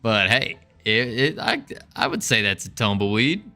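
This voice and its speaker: A man chatting on a stream in an unhurried drawl, his pitch rising and falling freely. His tone is bright and clear, and he thinks aloud with little restarts as he codes. Soft music plays faintly underneath. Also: big pitch swings. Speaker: game developer streaming. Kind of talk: casual livestream chat while coding.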